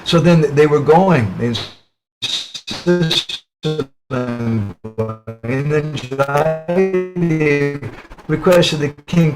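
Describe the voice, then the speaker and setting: A man's voice: fairly high pitch, very slow, loud music behind the voice, low-quality recording. A man speaking at an online webinar, telling a parable in a storytelling sermon and often tagging lines with "huh?" or "right?". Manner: narrates a parable with tag questions. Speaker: spiritual speaker. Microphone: online webinar call.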